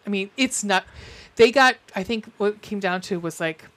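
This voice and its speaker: A woman's voice: medium pitch, normal speed, a bit bright. A woman co-hosting a podcast in casual chat, rambling with fillers and restarts. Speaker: podcast co-host.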